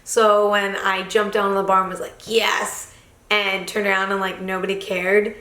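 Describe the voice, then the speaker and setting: A woman vlogger narrating her training day in a candid, animated way. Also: mid-range voice, moderate pace, reverberant. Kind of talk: reflective vlog narration.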